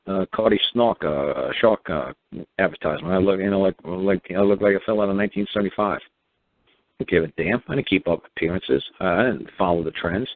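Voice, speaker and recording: A man's voice: low voice, no echo. Blunt New man grilling a caller. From New York. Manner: blunt, repetitive rhetorical questions, swearing. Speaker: radio show host. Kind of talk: call-in show advice. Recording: dry, tinny phone-line sound.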